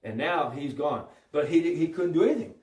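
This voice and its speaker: A man telling a Bible story in an informal preaching style, animated and full of restarts. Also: on the high side, normal speed, far from the mic. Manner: animated, acts out voices, many restarts. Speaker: religious storyteller. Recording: roomy audio from off-mic.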